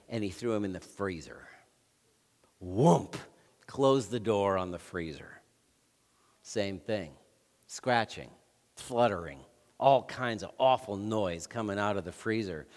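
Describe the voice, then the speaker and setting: A man preaching a sermon as pastor, telling stories with swings from loud to hushed. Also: lowish voice, a little slow. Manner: lively storytelling with swings between loud and hushed. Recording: long hall reverb.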